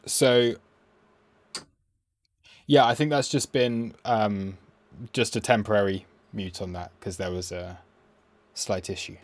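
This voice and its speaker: A man's voice: lowish voice, steady tone, slow pace, pauses often, no room sound. A man hosting a casual live stream about crypto trading, rambling and self-mocking as he reads the chat aloud.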